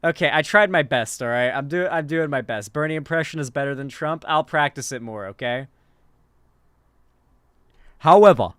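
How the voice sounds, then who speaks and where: A man's voice: fairly high pitch, a little fast, hardly any pauses, bright, forceful tone, clean tone, no room sound, clean studio sound. A young man hosting a casual live commentary stream, loose and rambling, swearing casually and tagging his lines with questions.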